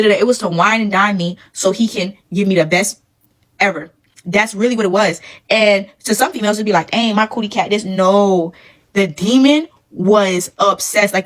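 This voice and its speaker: A woman's voice: mid-range voice, poor audio. A woman, emphatic and preachy, telling a casual storytime about her past relationship.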